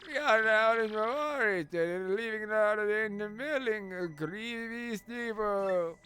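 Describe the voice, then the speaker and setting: A man putting on a slow, mumbling old mayor. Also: high voice, pushed and bright, clean tone, pitched above the performer's own voice. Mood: worried. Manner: spoken without moving the lips, stiff and mumbly. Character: fretful rambling elderly male town mayor. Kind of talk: reading game dialogue aloud in character.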